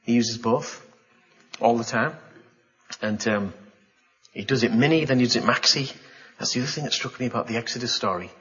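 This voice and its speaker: A man preaching a sermon, telling a story with gasps, exclamations and lively asides. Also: mid-range voice, fairly quick, long pauses, highs cut off. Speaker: pastor.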